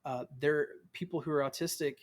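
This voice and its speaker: A man in his thirties, a voice actor being interviewed, telling stories in a lively way, acting out quotes and often restarting his words. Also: a little high, fairly quick. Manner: animated storyteller, acts out quotes of family; many restarts and repeated words. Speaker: voice actor guest. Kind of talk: casual interview chat.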